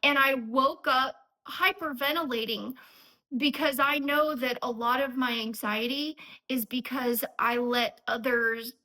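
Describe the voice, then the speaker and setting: Earnest rambling woman vlogger, bright voice. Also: sits high, unhurried, poor audio. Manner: frequent fillers and restarts. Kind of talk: unscripted personal vlog.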